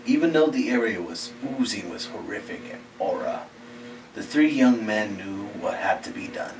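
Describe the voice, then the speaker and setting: A man reading a scary short story aloud in a slow, halting way, often dropping to a hushed near-whisper. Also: on the low side, animated. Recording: distant mic with faint background hiss.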